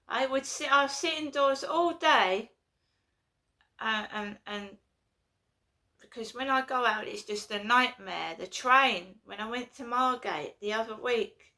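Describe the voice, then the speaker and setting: A woman's voice: on the high side, unhurried, sharp tone. A woman, ranting and swearing in a home vlog, repeating herself as she gets worked up. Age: 50s. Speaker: vlogger. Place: at home indoors.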